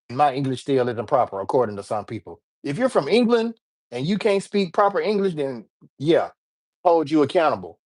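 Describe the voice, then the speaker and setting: An American man with an American accent, hosting a casual livestream in a laid-back, slangy, rambling way. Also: medium pitch. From United States. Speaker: livestream host.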